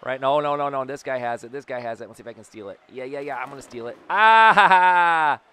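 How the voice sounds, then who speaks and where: A young man giving excited, goofy commentary as he plays a hockey video game, yelling at big plays and muttering when things get tense. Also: mid-range voice, racing. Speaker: gaming YouTuber.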